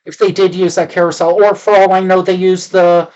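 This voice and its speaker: A woman's voice: fairly low pitch, level tone, fairly quick, a little mellow, lo-fi sound. A woman co-hosting a casual movie review chat, butting in with jokes and teasing asides. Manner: joking, teasing interruptions. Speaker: podcast co-host.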